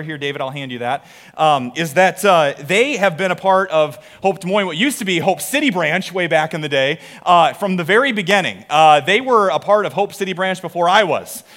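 Man, pastor, high voice, earnest animated sermon, repeats phrases, church stage mic. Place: church auditorium.

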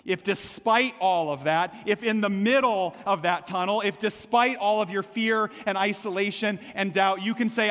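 Male pastor, high tenor, passionate sermon delivery, long reverb of a church sanctuary. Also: normal speed, few pauses, a bit bright. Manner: impassioned, builds to calls for response.

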